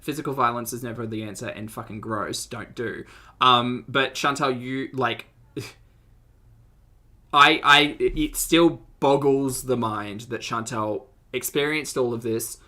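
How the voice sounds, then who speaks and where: Brief: sarcastic reaction streamer, bright forceful tone, blunt casual commentary with frequent laughs. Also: mid-range voice. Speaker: streamer reacting to videos and reading chat.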